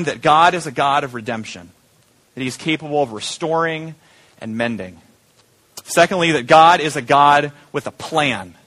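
Joking pastor with a call-and-response sermon. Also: male voice, fairly high pitch, a bit bright. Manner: jokey, engaging the audience with call-and-response.

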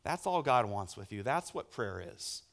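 A man in his thirties preaching a sermon as a pastor, telling stories with sudden loud bursts. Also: fairly low pitch, very animated, moderate pace, creaky.

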